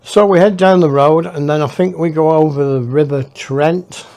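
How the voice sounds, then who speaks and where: A man's voice: a little high, fairly even intonation, normal speed, a little mellow. A man telling his memoir in a rambling, reflective way. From northern England. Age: 60s. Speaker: storyteller. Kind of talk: memoir storytelling.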